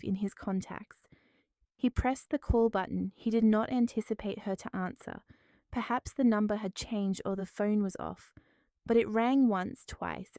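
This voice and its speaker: A woman tells a scripted family drama with steady, dramatic delivery. Her voice is mellow and smooth, and the recording is close and dry. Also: mid-range voice, no room sound. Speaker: narrator. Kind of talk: scripted story narration.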